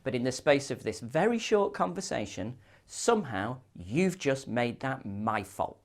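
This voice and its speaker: A man's voice: mid-range voice, big pitch swings, measured pace. A man voicing a smug, know-it-all man walking his dog within a joke, speaking in a matter-of-fact way.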